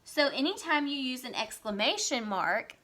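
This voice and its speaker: A young woman with a bright, fairly high voice teaches a children's writing lesson. She talks slowly and clearly, like a classroom teacher, and reads the example sentences aloud with a lively, excited voice.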